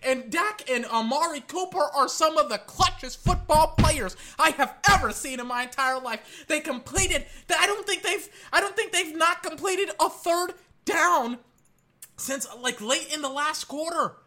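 A man reacting live to a football game as a fan, excitable and exclamatory, rambling between play calls. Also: extremely high pitch, unhurried.

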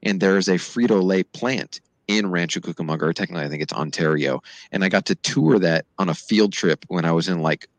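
Deep-voiced man chatting on a podcast. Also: a little fast, hardly any pauses, no echo. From Southern California. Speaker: podcast co-host. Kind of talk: casual nostalgic chat. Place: podcast studio.

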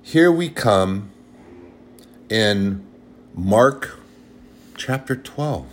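A man's voice: lowish voice, lively intonation, extremely slow, a little hiss or hum. A man giving an informal sermon in an earnest, plain-spoken way, turning sharply scolding at times.

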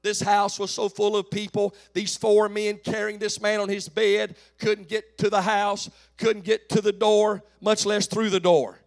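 A pastor in his late forties preaching a folksy call-and-response sermon that builds to shouts. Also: high voice, level tone, a little slow, few pauses. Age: 40s.

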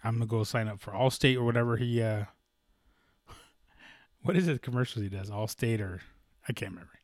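A young man hosting a casual sports talk show, rambling and excitable, with lots of fillers and profanity. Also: on the low side, brisk, dry recording, studio quality. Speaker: sports podcast host.

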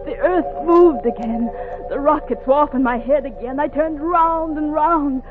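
A young enslaved woman fleeing north, earnest and defiant, in a vintage radio play. Her voice sits high. It comes through a thin, tinny old radio recording. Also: a little slow, over music. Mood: breathless. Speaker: narrator and lead. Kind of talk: 1950s radio drama acting.

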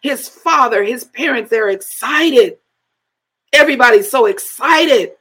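Middle-aged woman preacher, husky and unhurried, laughs between phrases. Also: fairly high pitch, expressive, fairly bright tone, poor audio. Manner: breaks into speaking in tongues, laughs between phrases. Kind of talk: sermon.

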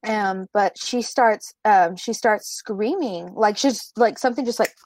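A woman's voice: mid-range voice, a little slow, darkish tone, no room sound. Rambling young woman telling a story. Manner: rambling, full of "like" and "blah blah" fillers. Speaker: podcast co-host. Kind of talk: casual storytelling. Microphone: remote recording at home.

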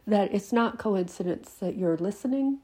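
A woman's voice: medium pitch, animated, moderate pace, warm tone. A woman giving an earnest devotional talk to her listeners while sick with a fever and teary, emphatic and sometimes dropping to a whisper. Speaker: Christian devotional host.

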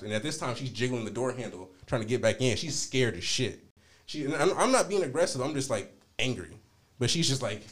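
A man's voice: mid-range voice, fast. A man hosting a podcast, telling a story in casual, profane talk and acting out both sides of the argument. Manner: animated, profane, quoting himself and others. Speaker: podcast host.

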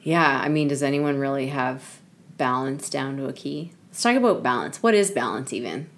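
A woman with a low voice co-hosts a podcast. She talks in a relaxed, thoughtful way and muses out loud. She sounds like she is in her thirties. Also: moderate pace. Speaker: podcast co-host. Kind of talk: casual chat.

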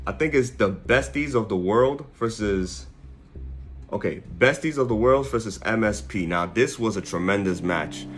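A man with a fairly low voice talks through a recap in a loose, casual way. He rambles, corrects himself mid-sentence and laughs at his own slips, with faint music playing behind him. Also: a bit bright. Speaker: wrestling fan reviewer. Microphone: headphones with mic.

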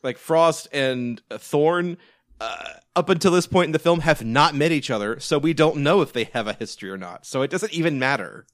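A man's voice: fairly high pitch, animated, normal speed, no echo. A man rambles through a casual movie podcast chat. He restarts often and swears now and then, in a dry, close recording. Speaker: podcast co-host.

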